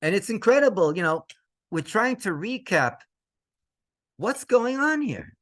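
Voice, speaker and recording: A male rabbi telling a story in a lively way, mixing in Hebrew phrases and laughing between lines. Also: high voice, a little slow. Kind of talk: storytelling to an audience.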